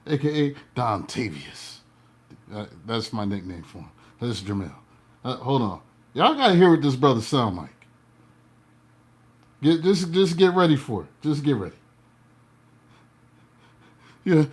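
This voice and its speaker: A man's voice: fairly high pitch, animated, moderate pace. Laid-back slangy man hosting a reading. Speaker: tarot reader and channel host. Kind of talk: casual chat and spoken blessing.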